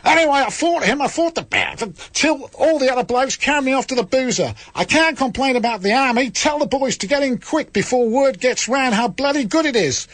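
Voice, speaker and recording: A man voicing a tough young Australian farm girl in the army, in a mock Australian accent, with a husky, boastful delivery as he reads her letter home. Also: very high-pitched, expressive, fairly quick, few pauses, fairly bright tone, pitched above the performer's own voice, exaggerated voice.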